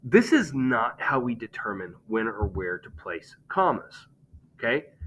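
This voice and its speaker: A man's voice: mid-range voice, very animated, measured pace, fairly bright tone, breathy edge, poor audio. A man teaching a grammar lesson, explaining step by step and checking in with "okay?".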